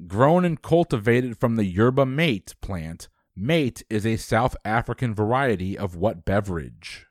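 A man hosting a trivia quiz, reading questions briskly and dropping dry quips. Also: fairly low pitch, expressive, dry recording.

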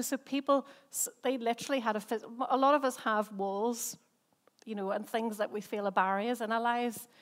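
Woman, English accent, senior pastor, conversational sermon, slightly high voice, rhetorical questions. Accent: English, softened by time living in Northern Ireland. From England. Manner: conversational, chatty preaching with frequent restarts and rhetorical questions.

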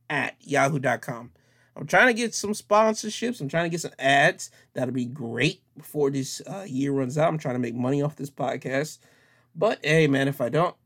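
A man's voice: medium pitch, fairly bright tone. A young man hosting his own podcast, signing off in a casual, rambling way, repeating himself. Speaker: podcast host.

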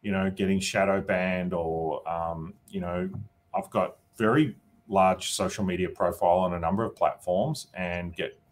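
An Australian politician, a man with a low, expressive voice, answers interview questions at a measured pace. He talks casually as a guest, thinking aloud and dropping in "you know" and "right?" along the way.

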